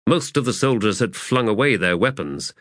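A man reading a war novel aloud as an audiobook narrator, in measured, steady storytelling. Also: lowish voice, dry recording, studio quality. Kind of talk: scripted narration.

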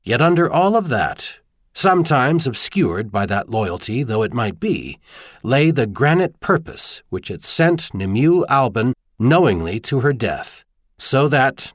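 A man reading an audiobook in scripted narration, measured and expressive. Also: mid-range voice, no echo, studio quality.

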